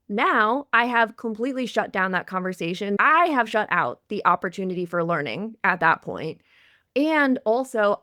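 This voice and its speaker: A woman coach hosting a podcast talks in a casual, animated way. Her voice sits fairly high, and she rushes through phrases and laughs as she goes. The close mic sounds dry, with no room echo. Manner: animated storyteller who speeds up and laughs easily. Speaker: polyamory coach and podcast host.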